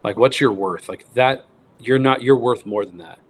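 Here the wild game cook, a man in his thirties, talks at normal speed in a mid-range voice, with slight hiss or hum in the background. As a recipe-writing guest in a casual interview, he narrates his story, acts out others' voices, and restarts many times.

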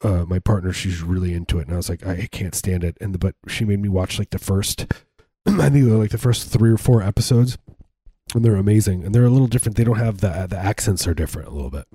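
Husky, low-voiced man riffing loosely. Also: fast, mellow, no room sound, clean studio sound. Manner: rambling, riffing, full of filler words. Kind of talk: casual comedic chat.

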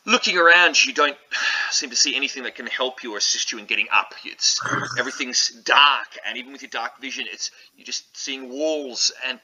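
A man narrating as game master of a tabletop game, describing scenes in an animated way. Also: medium pitch, fairly quick, breathy edge, rough recording.

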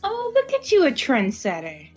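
A young woman co-hosting a casual podcast, playful and quick to laugh. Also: huge pitch swings, darkish tone, muffled recording. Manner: playful, laughs often, swoops in pitch. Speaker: podcast co-host. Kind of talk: casual chat. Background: faint music.

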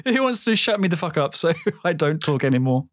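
A man's voice: on the high side, big pitch swings, a little fast. A young man, hosting a casual podcast chat, talking freely with frequent swearing and laughter. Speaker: podcast host.

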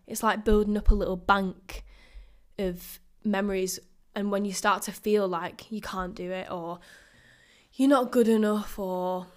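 A woman in her twenties talks through her podcast solo. She is chatty and upbeat and jumps into excited bursts, and her voice sits in a middle pitch. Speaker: podcast host. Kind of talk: casual solo podcast monologue.

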